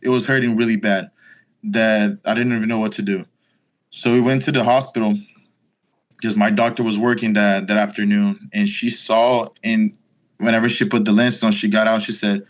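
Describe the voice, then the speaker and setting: Speaking at a medium pitch, a twentysomething man from Brazil tells a story casually as an interview guest, with a Brazilian accent from his native Portuguese. His retelling is animated: he acts out quoted dialogue and frequently says "like."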